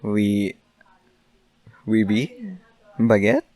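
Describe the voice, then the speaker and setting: Young male podcast host, rambling mock-angry rant; unhurried, lower pitch. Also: wildly swooping pitch, a little mellow, dry recording. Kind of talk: solo casual podcast rant.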